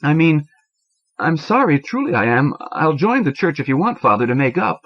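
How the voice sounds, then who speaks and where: A man's voice: a little high, sing-song, normal speed, pitched above the performer's own voice. A man voicing an earnest, apologetic young man at confession. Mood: sheepish. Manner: apologetic, pleading, eager to please. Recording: dull lo-fi cassette audio.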